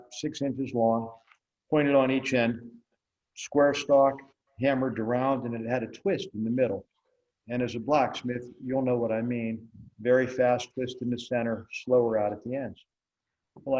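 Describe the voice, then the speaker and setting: An older blacksmith, being interviewed, spins relaxed stories with wry, folksy humor and acts out the dialogue. His mid-range voice is slightly mellow, with fairly even intonation and normal speed. The audio sounds dull.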